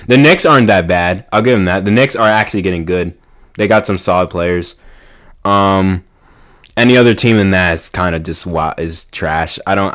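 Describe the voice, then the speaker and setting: Ranting casually to camera, a young New Yorker with a very deep voice rambles on about his city. Swear words and fillers pepper his speech. He swings between low mumbles and loud exclamations.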